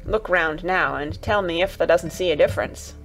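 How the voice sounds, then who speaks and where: A woman voicing a gentle, earnest farm boy in an audiobook reading, speaking in broad dialect over faint music. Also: on the low side, moderate pace. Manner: broad dialect, warm and coaxing.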